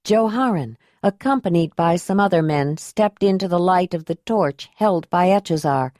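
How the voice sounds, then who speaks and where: A woman narrating an audiobook in an even, unhurried storytelling manner. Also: on the low side, no room sound, studio quality.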